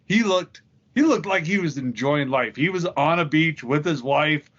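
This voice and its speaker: A man's voice: a little high, expressive, normal speed, a bit bright. A man co-hosting a podcast in casual chat, joking, swearing and telling anecdotes. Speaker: podcast co-host. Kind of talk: casual profane banter. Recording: dull lo-fi recording.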